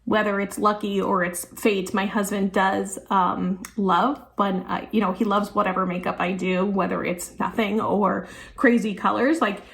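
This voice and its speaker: A woman's voice: mid-range voice, level tone, normal speed, creaky, hardly any pauses, fairly bright tone. A woman in her thirties, a teacher and beauty vlogger, chatting casually and thinking aloud while doing her makeup. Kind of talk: casual makeup tutorial chat.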